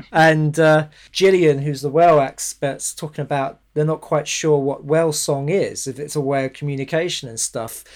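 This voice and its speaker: A host chatting about a film, laughing often and acting out the characters' lines. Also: mid-range voice. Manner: laughs often, acts out quotes. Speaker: podcast host. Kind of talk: casual film discussion.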